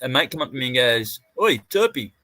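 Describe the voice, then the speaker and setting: A man's voice: medium pitch, fairly even intonation, rapid-fire, pushed and bright, no echo. An Australian man hosting a livestream, a sweary, rambling storyteller who restarts his sentences often. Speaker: livestream host. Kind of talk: casual livestream chat.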